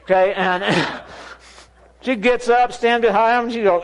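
A man's voice: high-pitched, measured pace. A man preaching in a church, telling a story with laughs and acted-out quotes. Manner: animated, laughing storyteller who acts out quoted voices. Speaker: pastor. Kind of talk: sermon with storytelling. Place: church sanctuary.

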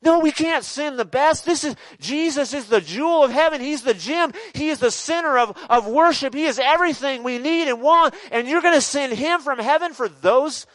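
A preacher voicing an alarmed male archangel who pleads and protests in a high, emphatic voice. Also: normal speed, few pauses, a bit bright, no echo, rough recording. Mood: protesting.

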